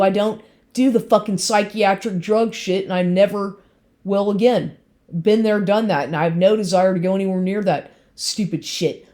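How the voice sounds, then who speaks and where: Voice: medium pitch, darkish tone. A speaker in a rambling vlog monologue, agitated and constantly swearing, with lots of fillers and restarts.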